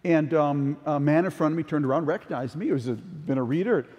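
A man's voice: on the high side, brisk, a little mellow, lo-fi sound. An older man giving a conference keynote talk, telling anecdotes in a conversational way. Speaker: keynote speaker. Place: large conference hall. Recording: long hall reverb.

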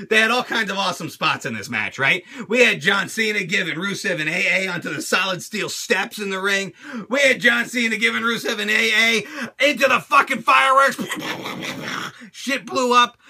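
A man hosting his own channel, reviewing a wrestling show in an animated, crude rant full of swearing and laughter. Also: sits high, creaky, husky.

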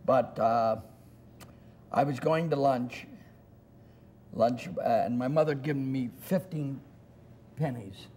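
An older American man, a guest actor, telling a lively anecdote in an interview and acting out the dialogue. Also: medium pitch, slow pace, pauses often. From United States. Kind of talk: storytelling interview.

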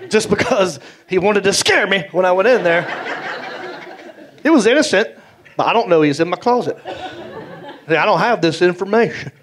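A middle-aged man with a Southern US accent telling animated stand-up stories on stage, acting out the voices he quotes. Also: sits high, normal speed. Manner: animated, acts out voices, drawling. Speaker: stand-up comedian. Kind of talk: stand-up storytelling. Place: comedy stage. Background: audience laughter.

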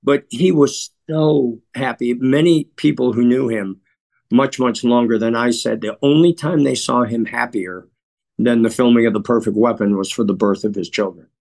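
A man from Chicago, a guest in an interview, telling stories in a measured, earnest way and often clearing his throat. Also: mid-range voice, a little mellow. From Chicago, USA. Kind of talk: reflective interview storytelling.

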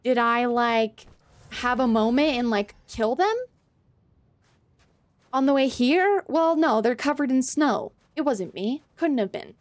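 A woman's voice: a little high, measured pace. A woman streaming a game live, reacting playfully, swearing and laughing as she talks to her chat. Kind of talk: live gameplay commentary.

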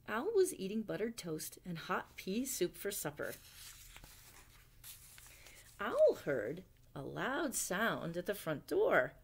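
A woman librarian reading a picture book aloud at storytime, gentle and expressive, asking her listeners questions along the way. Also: lowish voice, takes it slowly, pauses often.

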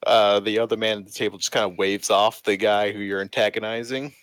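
A man's voice: on the low side, steady tone, fairly quick, fairly bright tone, no echo. A man narrating as game master in a casual tabletop game, with many fillers.

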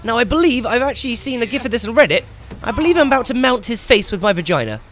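Young man, gameplay commentary, high voice, swings all over the place, cusses, soft music behind. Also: quick pace. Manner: excitable, swears loudly when frustrated. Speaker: gaming YouTuber.

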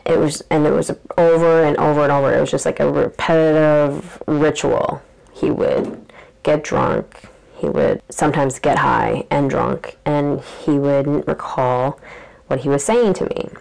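Young woman vlogger, low voice with vocal fry, chatty storyteller. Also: fairly even intonation, a little slow, a little mellow, low-quality recording. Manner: chatty, peppered with "like", acts out quotes. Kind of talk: casual storytelling monologue.

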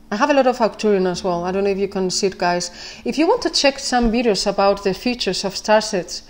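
Excitable woman giving a tarot reading. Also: medium pitch. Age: 40s. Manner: excitable, rambling, laughs often, keeps apologizing. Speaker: tarot reader. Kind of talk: casual spoken tarot reading.

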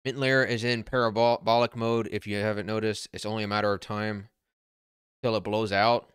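A blunt, loud-mouthed man chatting live with his viewers, his voice bright and forceful with a crisp, smooth edge. He half-yells in a brash, no-nonsense way. The sound is close and dry, with little room around it. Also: lowish voice, flat delivery, moderate pace, no room sound. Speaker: crypto channel host. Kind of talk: casual livestream chat answering viewer comments. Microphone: wearing noise-canceling headphones.

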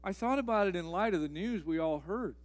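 A middle-aged man, a pastor delivering a sermon in a church, pressing key phrases again and again and swinging between loud and hushed. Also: high-pitched, lively intonation, a little fast. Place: church sanctuary.

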